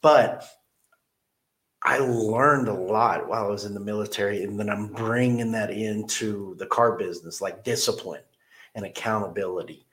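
Middle-aged man, low voice, earnest plain-spoken storyteller, casual interview. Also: fairly even intonation, moderate pace, fairly bright tone. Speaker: car dealership manager.

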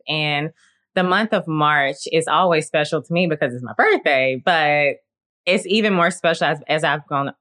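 Her voice sits low and sounds a bit bright. She's a late-twenties woman hosting a faith-focused podcast on her own, and her delivery is earnest, encouraging and reflective, full of "like" and "you know."

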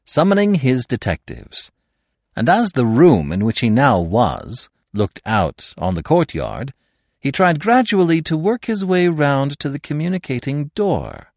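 Brief: male narrator reading classic fiction, expressive and very animated in pitch, close and dry. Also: dry recording. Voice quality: expressive, measured storytelling. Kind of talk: scripted narration of a classic tale.

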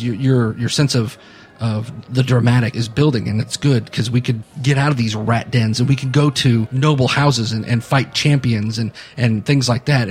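A man narrating a tabletop game as game master, halting and full of restarts. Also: mid-range voice.

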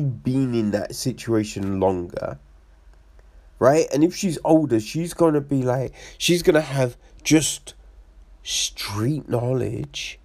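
A man giving casual commentary as a reviewer, swearing and acting out quoted lines in an animated way. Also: medium pitch, no echo.

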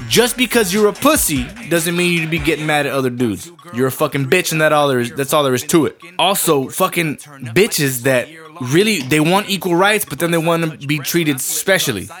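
A heated man on a profane, rambling rant, losing his thread and restarting. His voice sits a bit high for a man, and faint music plays underneath. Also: expressive, normal speed, a bit bright. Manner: heated, rambling, swears constantly, trails off and restarts.

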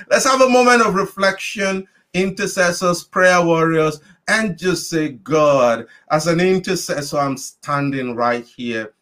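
A man's voice: a little high, fairly bright tone. A man preaching and leading prayer, exhorting listeners in a repetitive, rhythmic cadence. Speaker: pastor leading an online prayer meeting. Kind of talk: sermon with prayer.

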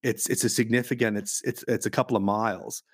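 Man, podcast host, colorful storyteller, fairly low voice, dry close sound. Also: fairly even intonation, fast, no room sound. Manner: vivid, profane anecdotes. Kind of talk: casual storytelling chat.

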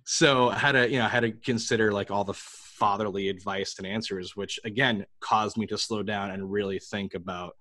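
A fairly low-voiced man from New York chatting as a podcast guest. He tells stories animatedly and restarts his sentences often. His pacing is loose and conversational. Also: moderate pace, hardly any pauses. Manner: animated storyteller, frequent restarts. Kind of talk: casual interview chat.

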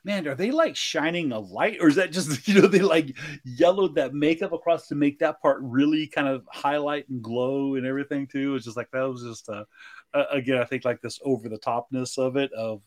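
A man's voice: mid-range voice, steady tone, fairly quick. A man co-hosting a casual movie podcast, rambling and acting out quotes with lots of laughter. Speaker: podcast co-host.

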